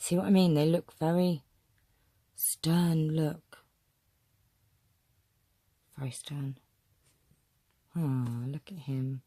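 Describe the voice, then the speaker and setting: A woman chatting casually as she shows a photo collection, musing aloud and often clearing her throat. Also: low voice, fairly even intonation, very slow, long pauses, dark tone, no room sound. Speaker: vlogger showing a photo collection. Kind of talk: casual show-and-tell commentary.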